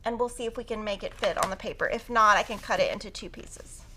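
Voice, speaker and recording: A woman's voice: mid-range voice, fast, pushed and bright, a little hiss or hum. A woman teaching a quilting tutorial on a live stream, chatty and upbeat as she talks through cutting fabric. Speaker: quilting instructor.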